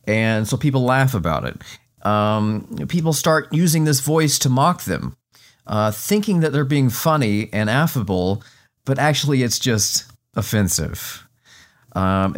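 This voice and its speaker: A man's voice: lowish voice, very animated, a little slow. A man hosting a podcast, chatting casually with lots of fillers while losing his voice. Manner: chatty, frequent fillers and restarts. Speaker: podcast host.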